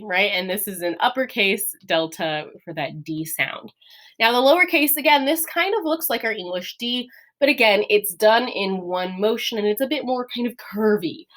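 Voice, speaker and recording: A woman's voice: medium pitch, fairly bright tone. A woman teacher giving a recorded lesson. She explains each step patiently and keeps checking in with "right?" and "all right?".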